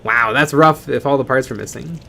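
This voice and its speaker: A man's voice: mid-range voice, normal speed, creaky, bright, forceful tone, a little hiss or hum. A man co-hosting a casual miniature-painting stream, joking and rambling as he reads chat comments. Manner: rambling, joking, with fillers and restarts.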